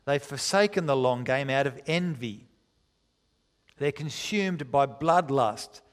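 A man preaching a sermon, reading scripture aloud with dramatic, deliberate pacing and slowing down for emphasis. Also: mid-range voice, lively intonation, long reverb tail.

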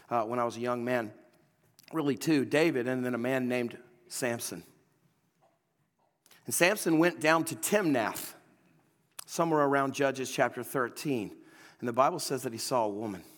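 Emphatic preacher in a hall. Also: male voice, medium pitch. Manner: emphatic, repetitive, folksy. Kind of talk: sermon. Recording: long hall reverb.

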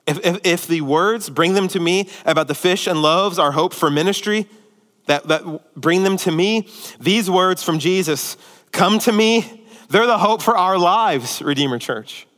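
Male pastor, slightly high voice, dramatic sermon delivery, long hall reverb. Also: normal speed. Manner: dramatic swings from emphatic to hushed; repetitive, rhetorical questions.

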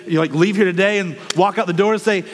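A man's voice: high voice, fairly even intonation, fast talker, big-room sound. A man preaching a sermon, working through rhetorical questions with fervent, impassioned delivery. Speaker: pastor.

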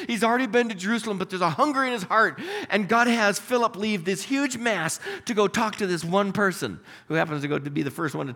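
A man preaching a sermon, telling a story and acting out its characters with lively expression. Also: high voice. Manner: animated, voices characters in stories. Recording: reverberant hall.

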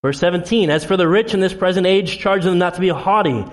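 A man preaching a sermon to his congregation, swinging between loud, emphatic passages and low, intense ones. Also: quick pace. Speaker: pastor. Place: church sanctuary.

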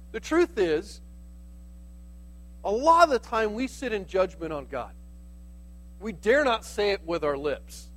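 A man's voice: sits high, a bit bright, poor audio. A man preaching a sermon as pastor, in a conversational, explaining manner with casual asides.

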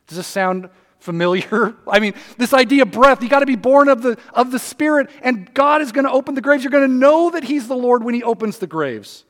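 A man's voice: very high voice, moderate pace. A man preaching a sermon, reading scripture aloud with emphasis and breaking into conversational asides. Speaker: pastor. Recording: long reverb of a hall.

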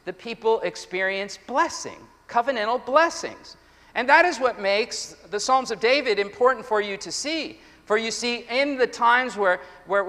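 A man preaching a sermon, animated and emphatic, acting out the voices of people he quotes. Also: extremely high pitch. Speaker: pastor. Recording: long hall reverb.

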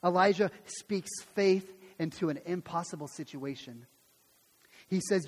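A pastor preaching a sermon and retelling a Bible story, acting out the voices of its people in a lively way. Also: male voice, sits high, unhurried, long reverb tail. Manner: animated storytelling, acts out voices.

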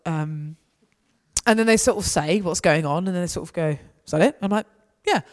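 A woman's voice: lowish voice, normal speed. A woman giving a conversational, anecdotal talk to a gathering. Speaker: speaker. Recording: reverberant hall.

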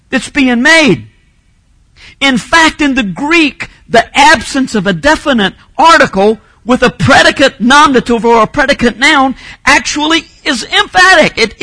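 Bright high-voiced man preaching a sermon. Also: lively intonation, normal speed, dry recording. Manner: teaching, emphatic, rises to shouting on key phrases. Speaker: pastor.

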